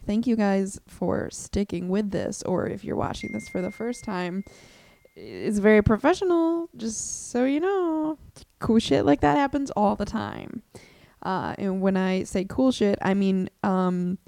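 A woman's voice: mid-range voice, expressive, a little slow, creaky, mellow, dry recording. A young woman hosting her own podcast, chatting casually, rambling and self-deprecating, swearing now and then. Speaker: podcast host. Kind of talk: casual solo chat. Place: room at home with door open. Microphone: desk mic.

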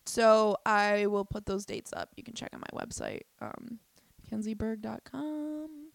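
A young woman comedian tells a story to her own camera in a casual vlog. Her voice sits a little high and dry, close to the mic with no room sound. She is animated, swears freely, laughs and acts out each side of the exchange. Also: measured pace, vocal fry, no echo. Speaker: stand-up comedian. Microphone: self-recorded on a battery-powered camera.

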